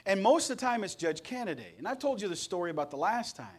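Pastor, middle-aged man from Indiana, high voice, folksy storyteller with a joking streak. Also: very animated, fast talker. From Indiana, USA. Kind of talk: sermon.

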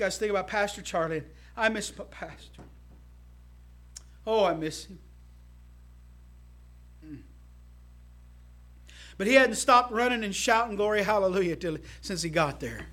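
A man preaching a sermon to his church in a folksy, emphatic way, swinging between loud calls to the congregation and quiet asides. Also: high-pitched. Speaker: pastor.

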